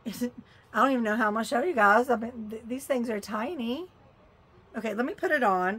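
A woman chatting casually to her viewers as she shows off items from her shopping haul, excitable and talkative. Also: fairly high pitch, a little fast, a little hiss or hum. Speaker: vlogger showing a shopping haul.

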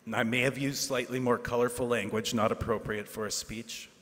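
A man, a teacher giving a graduation speech, earnest and self-deprecating, with asides and pauses for effect. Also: medium pitch, steady tone, a bit bright. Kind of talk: ceremonial speech. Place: large hall at a ceremony. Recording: hall reverb.

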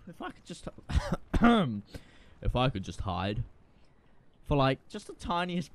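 A man giving casual, profane, excitable commentary while playing a shooter game. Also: medium pitch, slow pace, pauses often, slight background noise. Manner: profane, excitable, self-mocking. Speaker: gaming video creator.

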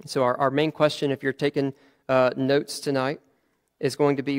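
A man's voice: medium pitch, flat delivery, normal speed, clear, resonant tone. A man preaching a sermon in a conversational way, often restarting his phrases and adding fillers.

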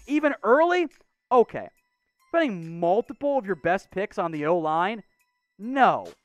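A sports show host answering viewer questions in casual mailbag commentary, blunt, opinionated and sarcastic, ranting in rapid bursts. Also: high-pitched, no echo. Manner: animated, rapid-fire ranting with restarts.

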